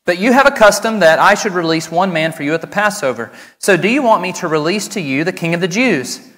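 Male pastor preaching, earnest and emphatic, bright tone, reverberant church room. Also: fairly high pitch. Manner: earnest and emphatic, speeding up when explaining. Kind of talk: sermon with scripture reading. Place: church sanctuary.

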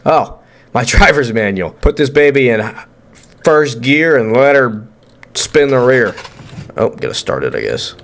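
A young man giving let's-play commentary on a horror game, excitable, joking and swearing as he reacts. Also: medium pitch, a little slow, slight background noise. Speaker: gaming YouTuber.

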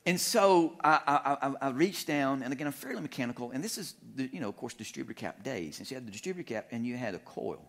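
Bright, animated preacher man. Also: medium pitch, fast talker, hardly any pauses. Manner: animated, humorous storytelling with frequent restarts. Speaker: pastor. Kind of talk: storytelling sermon. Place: church sanctuary.

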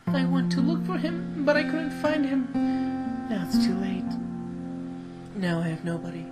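A gamer voicing a grieving young widow in a soft, quiet, mournful way, over loud game music. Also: sits high, measured pace, voice pushed up, poor audio.

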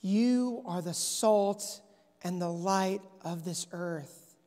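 A man's voice: high-pitched, extremely slow, mellow. A man preaching a sermon in a church, earnest and storytelling, with frequent restarts. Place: church sanctuary. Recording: echoey church hall.

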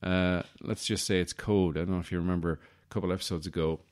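A man with a very low, deep voice hosts a comedy podcast. He rambles from one aside to the next in a wry, self-deprecating way, often catching and correcting himself. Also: steady tone, fast, a little mellow. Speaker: podcast host.

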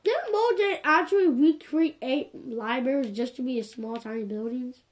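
A woman giving casual, animated commentary while playing a game. She sounds exasperated and keeps coming back to the same complaints. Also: high-pitched, moderate pace. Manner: animated and exasperated, repeats "like, for real". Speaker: gameplay commentator.

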